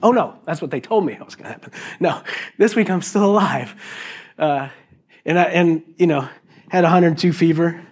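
A middle-aged man preaching a sermon in an animated, jokey way, acting out little voices as he goes. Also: a little high, normal speed, slightly rough. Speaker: pastor.

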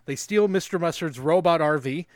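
A man's voice: fairly high pitch, normal speed, dry recording, clean studio sound. A young man co-hosting a podcast, recapping a movie in casual, sarcastic chat and swearing now and then. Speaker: podcast co-host.

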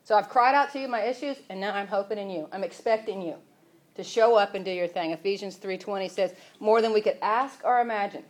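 A woman's voice: medium pitch, a little fast. Woman giving a casual, filler-heavy sermon. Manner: conversational, many fillers, rises to emphatic passages. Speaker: church speaker. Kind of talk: informal sermon.

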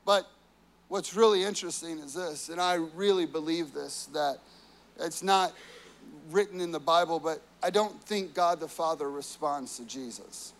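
A man's voice: on the high side, normal speed, vocal fry. A man preaching a sermon, earnest and personal, telling family stories with frequent "you know"s. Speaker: pastor.

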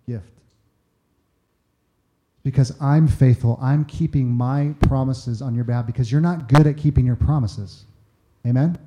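A pastor delivers a conversational sermon in a warm, mid-range male voice, speaking a little slowly with long pauses. He often acts out the voices of people he quotes and repeats words as he starts sentences.

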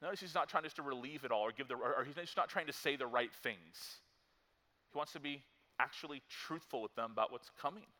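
A man preaching a sermon as pastor to his church, talking in a conversational way with self-deprecating asides, and rising loud and high when he reads scripture lists. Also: brisk.

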